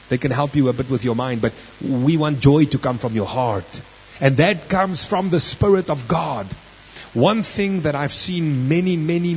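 A man's voice: mid-range voice, darkish tone, a little hiss or hum, poor audio. A man with a South African accent preaching a sermon, telling a personal story in a conversational way and drawing out key phrases for emphasis.

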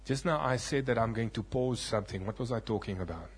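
A male preacher giving a sermon testimony, telling his story dramatically and acting out voices, swinging from loud bursts to hushed moments. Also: mid-range voice, fast, breathy edge.

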